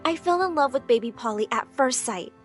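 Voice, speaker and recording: High, lively woman storyteller. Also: fairly quick, soft background music. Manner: animated, acts out the dialogue. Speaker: storytime narrator. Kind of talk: first-person storytime narration.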